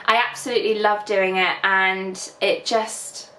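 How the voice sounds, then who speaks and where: A woman's voice: medium pitch, fairly even intonation, unhurried, sharp tone, roomy sound. A woman in her twenties with a Northern English accent, chatting casually to camera as a vlogger, full of fillers and at times close to tears. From England. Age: 20s. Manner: chatty, many fillers, emotional and teary at times. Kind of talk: casual reflective vlog chat.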